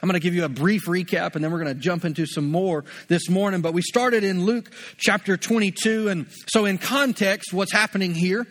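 High-voiced male pastor, conversational sermon. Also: fairly quick, hardly any pauses, a bit bright. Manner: conversational, repeats words while building a point.

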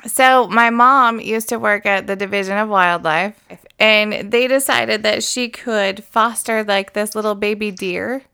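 A woman's voice: mid-range voice, steady tone, unhurried, gravelly, sharp tone, clear, resonant tone. A woman in her thirties co-hosting a casual podcast chat. She laughs often, swears freely and keeps losing her train of thought. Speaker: podcast co-host.

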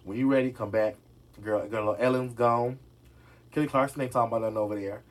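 A man's voice: mid-range voice, steady tone, a little fast. A man chatting casually to his viewers about celebrity gossip, sassy and direct, often calling them "y'all". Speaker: gossip vlogger.

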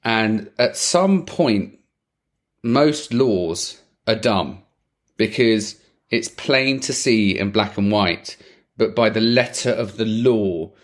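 A man co-hosting a podcast in casual chat, animated and laughing often. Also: lowish voice, takes it slowly. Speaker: podcast co-host.

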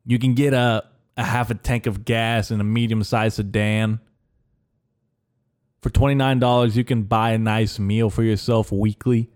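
A man hosting a podcast in a rambling, deadpan comedic monologue, halting with fillers. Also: on the low side. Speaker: podcast host.

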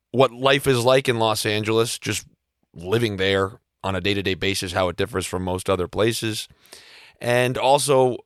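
A man hosting a podcast in casual chat, his voice hoarse and husky from shouting, talking in a wry, self-deprecating way. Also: medium pitch, no room sound, clean studio sound. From East Coast United States. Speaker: podcast host.

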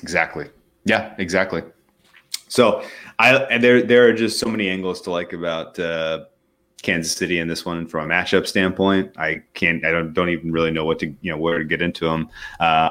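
A man's voice: deep voice, steady tone, moderate pace, bright, forceful tone. A man breaking down a football matchup and point spread in a casual betting chat, rambling with frequent ums and restarts. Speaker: sports betting analyst.

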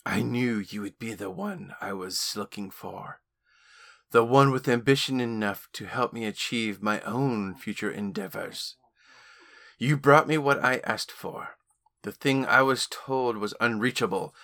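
A man's voice: medium pitch, measured pace, gravelly, bright, forceful tone. A man voicing a small, sly alien lord who speaks in a grandiose, sneering way. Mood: haughty.

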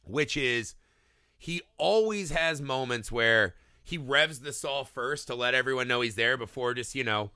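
A man co-hosting a casual podcast, reviewing a horror film with excited, profane enthusiasm and little acted-out bits. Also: medium pitch, smooth, dry recording, studio quality. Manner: excited, profane, acts out scenes in quick bursts. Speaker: podcast co-host.

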